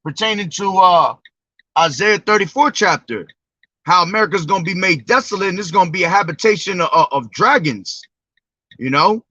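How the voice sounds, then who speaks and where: Guy preaching in a bright sharp voice, slangy and cussing, dry close sound. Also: high voice, lively intonation, moderate pace, dry recording. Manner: profane, slangy, emphatic. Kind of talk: informal preaching with scripture readings. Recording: dull lo-fi dry recording.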